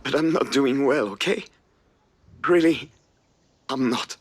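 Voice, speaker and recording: A man's voice: mid-range voice, takes it slowly, lightly acted. An actor playing a troubled man who talks earnestly and shakily, at times in a whisper. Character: troubled adult man confiding in his ex.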